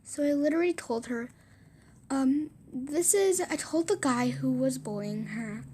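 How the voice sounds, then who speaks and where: Woman, casual storytime narration, rambling, repetitive, whispered asides, high voice, slow delivery. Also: dark tone, slight background noise. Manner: rambling and repetitive, restarting sentences.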